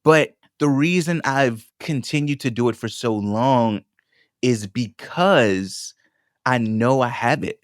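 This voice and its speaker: A young man hosting a solo podcast in a sassy, affirming, casual way, calling his listeners baby and hyping them up. His voice sits at an ordinary middle pitch. The sound is dry and close, with no room around it. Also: takes it slowly, no room sound. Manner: pep-talk, builds to emotional encouragement. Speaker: podcast host and food vlogger.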